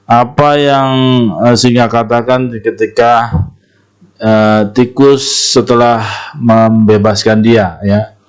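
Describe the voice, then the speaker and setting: A man's voice: fairly low pitch, poor audio. A man teaching an English lesson, repeating each question and explaining it patiently. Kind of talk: recorded online lesson.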